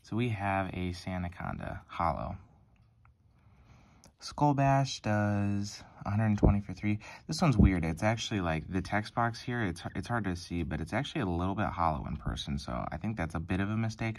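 A young man with a low, deep voice talks casually as he opens card packs at a table. He rambles a little, filling pauses with ums and correcting himself as he goes. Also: animated. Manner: chatty, rambling, lots of ums and self-corrections. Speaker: card-opening channel host. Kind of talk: casual pack-opening commentary.

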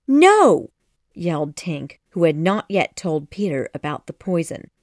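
A woman narrating a children's classic audiobook in a measured, expressive storytelling manner. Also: sits low, no echo, clean studio sound.

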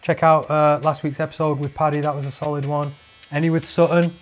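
A man's voice: on the high side, flat delivery, brisk, a little hiss or hum. A young man hosting a podcast, rambling and joking with lots of fillers and restarts. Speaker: podcast host. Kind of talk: casual podcast chat.

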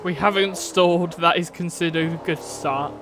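Over constant, loud engine roar from a racing game, a man chats with his live-stream audience in a steady tone and at a moderate pace. His voice is fairly high, and his talk is rambling with occasional casual cursing.

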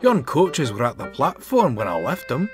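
A man voicing a gruff, blunt male engine with a Scottish accent. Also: medium pitch, wildly swooping pitch, normal speed, soft background music. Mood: steady.

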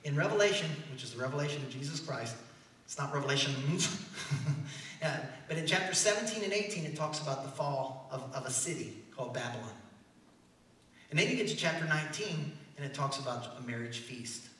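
A man with a Midwestern American accent, a pastor preaching an animated sermon that swings between loud declarations and soft asides. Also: a little high, a little fast, recorded from a distance. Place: large church hall. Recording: echoey church hall, heard from afar.

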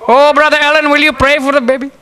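A man voicing an excited pastor calling people back to their seats for a baby dedication, in a raised, eager tone. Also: very high voice, fast, in a large hall, voice pushed up.

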